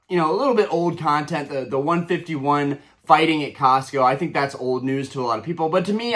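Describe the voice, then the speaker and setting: Ranting hotly over his collector channel's vlog commentary, a young man who covers Pokémon cards keeps restarting and filling pauses. The voice is a little high and fairly bright.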